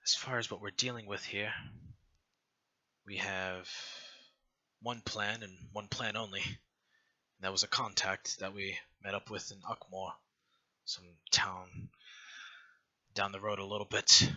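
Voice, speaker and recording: Man putting on a masked rebel woman, muffled voice, quiet, grave, tense. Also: fairly low pitch, level tone, unhurried, pauses often, exaggerated voice.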